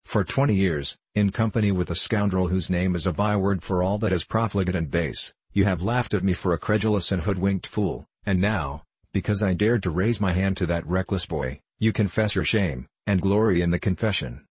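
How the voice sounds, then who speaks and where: A proud old knight boils over with harsh, scornful fury, as a man reads him aloud. The voice sits very low with a husky grain. The sound is dry and close. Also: normal speed, hardly any pauses, a little mellow, dry recording. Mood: bitter fury.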